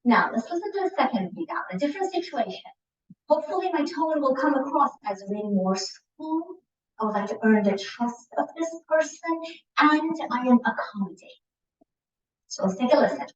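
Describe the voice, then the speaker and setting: In a lecture room, a middle-aged communication coach presents a lively seminar to a class, changing her tone and pace to illustrate each point. Her voice sits a little high and is expressive, delivered at a moderate pace. The sound is distant, roomy and dull, like a lecture-hall recording.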